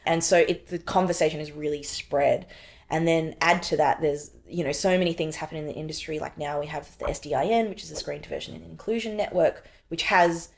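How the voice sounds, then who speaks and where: A woman's voice: deep voice, a little fast, vocal fry. A woman in her thirties, a filmmaker and actor, talking in a casual interview with lots of "like" and "you know," telling stories animatedly and acting out her own reactions. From Australia. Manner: animated storytelling, acts out her past reactions; frequent fillers like "like" and "you know".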